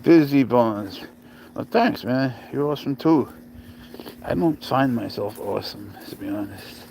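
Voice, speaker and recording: A man of ordinary pitch talks loosely on a phone live stream, peppering his chat with curses and laughter. He keeps turning to coo baby talk at his pet. A faint hiss sits low under his voice. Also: expressive, unhurried, gravelly, mellow, low-quality recording. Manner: profane, laughs often, coos baby talk at his cat.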